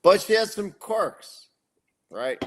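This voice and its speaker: A man's voice: sits high, very animated, takes it slowly, slightly rough. A man who is a guest on a podcast, telling stories in casual chat with a laid-back manner and frequent swearing.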